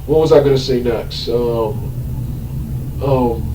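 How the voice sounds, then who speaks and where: A man's voice: mid-range voice, slow, recorded from a distance, noisy background. A man reviewing a movie in an unscripted rant. He repeats himself, loses his train of thought, says "um" a lot, and breaks into exasperated outbursts. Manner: rambling and repetitive, loses his train of thought, many filler ums. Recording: echoey room, voice set back from the mic.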